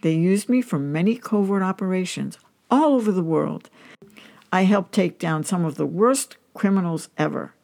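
A woman's voice: fairly low pitch, normal speed, vocal fry, dark tone. A woman voicing a boastful male talking dog in a told joke, casual and matter-of-fact.

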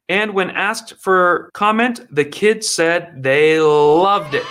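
A man's voice: on the high side, a little slow, hardly any pauses, pushed and bright. A man hosting an online commentary show, reacting to news clips in a sarcastic, emphatic way and talking straight to his viewers.

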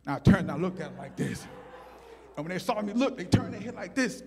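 Man telling a stand-up story, high voice, husky, animated, hall echo. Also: fast talker. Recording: hall with long reverb.

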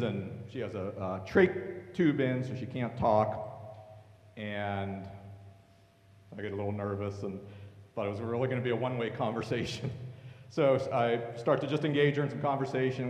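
A man, a seminary student working as a hospital chaplain, giving a halting personal testimony with many fillers on a church stage. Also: mid-range voice. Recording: echoey church hall with soft music.

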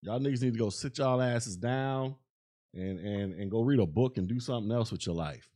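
A man talks solo into a podcast mic in a loose, rambling rant. He keeps restarting sentences and leaning on fillers. His voice sits at an ordinary middle pitch. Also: moderate pace, warm tone. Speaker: podcast host. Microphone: podcast microphone.

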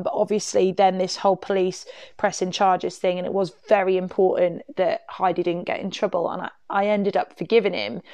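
A woman tells a long personal story to her viewers, wandering off on asides and piling up fillers as she goes. Her voice sits at an ordinary middle pitch for a woman. The recording is dry and close, with no room echo. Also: a little mellow. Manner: chatty, rambling, full of fillers and asides. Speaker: vlogger. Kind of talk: casual storytime monologue.

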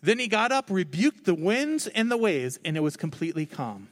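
In a conversational sermon, a man in his thirties, a pastor, jokes at his own expense and performs the voices of the lines he quotes. He speaks at a normal speed in a high-pitched, sing-song voice.

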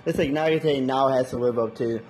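A man casually reviewing an anime episode in loose, slangy talk, with lots of restarts and animated reactions. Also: mid-range voice, moderate pace, faint music behind.

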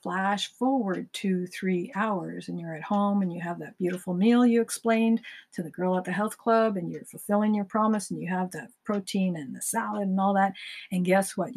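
A woman hosting a self-help podcast, giving a motivational talk and acting out imagined conversations. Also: lowish voice. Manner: acts out imagined dialogues in lively voices.

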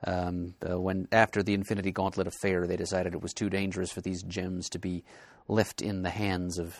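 Man, deep-ish voice, podcast co-host, halting thoughtful speech, dry close sound. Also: flat delivery, no echo. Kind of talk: casual podcast discussion.

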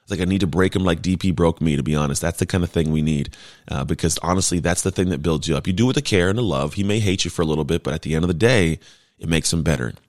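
Deep-voiced man telling a lively story. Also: rapid-fire, dry recording, studio quality. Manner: animated, emphatic, laughs while telling stories. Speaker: former football player and speaker. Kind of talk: casual storytelling.

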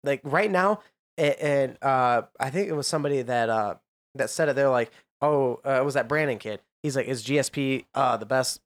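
A man co-hosting a sports podcast who talks in an animated, rambling way and often retells what others have said. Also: mid-range voice, moderate pace, no echo. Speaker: podcast co-host. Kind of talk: casual sports chat.

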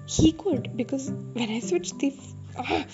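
A woman's voice: high voice, measured pace. A woman hosting a podcast who tells a personal story in a candid, self-deprecating, rambling way. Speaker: podcast host. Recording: dull lo-fi audio with music behind. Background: music.

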